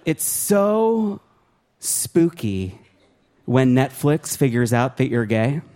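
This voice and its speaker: A man doing a stand-up comedy set on a club stage, with an animated, profane, self-mocking delivery. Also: mid-range voice, slow. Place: comedy club stage before a laughing audience.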